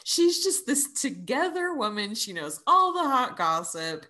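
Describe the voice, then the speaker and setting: A woman co-hosting a casual podcast chat, and her pitch moves a lot as she talks. She is animated and laughs often. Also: a little slow. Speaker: podcast co-host.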